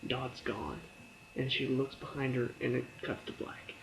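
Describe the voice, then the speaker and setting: A man's voice: mid-range voice, lively intonation, unhurried, creaky, slight background noise, rough recording. A man casually reviewing a TV episode in a chatty way, with lots of fillers, breaking into laughs and acting out characters' lines as he retells scenes. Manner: briefly acts out characters' lines in quotes.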